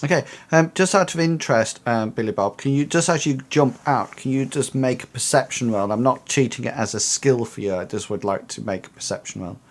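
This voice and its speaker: A man narrating a tabletop role-playing game as game master, halting and full of restarts. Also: medium pitch. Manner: hesitant, many fillers and restarts.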